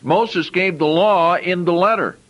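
A man's voice: high-pitched, unhurried, highs cut off. A man preaching a sermon. He reads scripture aloud and explains it in plain, conversational asides, often repeating and restarting phrases.

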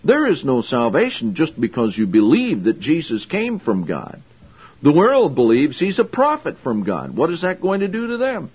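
A man's voice: on the high side, wildly swooping pitch, normal speed, slightly rough. A man preaching a sermon, emphatic and confrontational, with pointed rhetorical questions, in a slightly dull lo-fi recording. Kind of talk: sermon, Bible exposition.

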